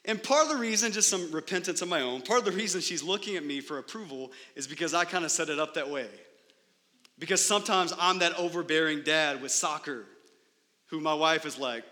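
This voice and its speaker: A man's voice: a little high, brisk, sharp tone, big-room sound. A man preaching a sermon as pastor in a church sanctuary, emphatic and full of rhetorical questions.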